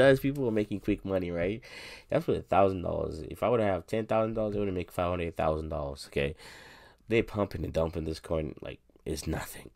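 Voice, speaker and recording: A man's voice: low-pitched, gravelly. A man reviewing a crypto token in casual solo commentary, rambling with slang, repeating himself and laughing.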